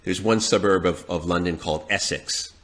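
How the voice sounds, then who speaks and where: Low-voiced man, halting and repetitive. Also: a bit bright. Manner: halting, repeats words while finding his point. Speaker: podcast guest, dating expert. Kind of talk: casual podcast chat.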